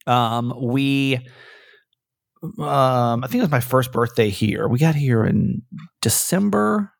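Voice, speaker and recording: A man's voice: mid-range voice, slow, creaky, dry recording, clean studio sound. A middle-aged man hosting a podcast, talking in a candid, rambling, self-deprecating way. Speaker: radio and podcast host. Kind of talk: casual conversational podcast chat.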